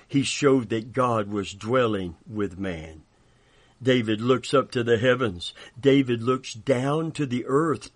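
A man preaching a sermon in an earnest, declaring manner, slowing down to stress key phrases. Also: medium pitch.

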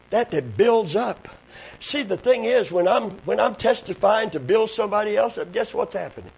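A man preaching a fervent sermon, breaking into shouted bursts and hallelujahs. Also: high-pitched, expressive, moderate pace, creaky, husky. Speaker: pastor.

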